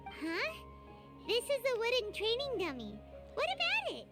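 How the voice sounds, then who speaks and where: Very high, sing-song fairy companion for a game, bubbly and chatty. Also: female voice, huge pitch swings, moderate pace, music in the background, full character voice. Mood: perky. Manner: bubbly, speaks of herself in the third person. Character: tiny chirpy floating fairy companion. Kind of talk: video game voice acting.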